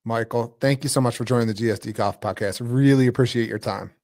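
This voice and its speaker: A man's voice: mid-range voice, quick pace, a little mellow, no echo, clean studio sound. A man hosting a golf podcast, thanking his guest and wrapping up the show in an upbeat, promotional way. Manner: upbeat, promotional wrap-up host talk. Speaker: podcast host. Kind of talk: casual podcast interview.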